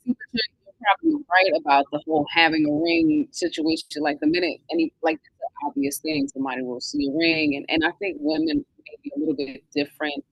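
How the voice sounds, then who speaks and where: A woman's voice: medium pitch, big pitch swings, brisk, creaky, hardly any pauses, husky, no room sound, dull audio. A woman financial coach hosting a live show, chatting casually and thinking aloud as she searches for her words. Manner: thoughtful, searching for words with many fillers. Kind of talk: casual conversation.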